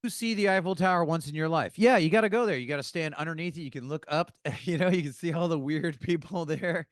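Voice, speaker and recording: Man from the US, podcast host, fairly high voice, smooth and resonant, casual emphatic monologue. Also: no room sound, clean studio sound. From United States. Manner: emphatic, chatty advice-giving with asides.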